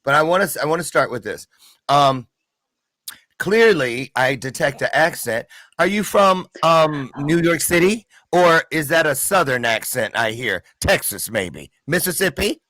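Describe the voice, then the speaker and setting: A man's voice: a little high, lively intonation, measured pace, sharp tone, no room sound. A man hosting an online talk show, playful and rambling, thinking aloud as he sets things up. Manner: playful, rambling, talks to himself. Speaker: show host. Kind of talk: casual interview chat.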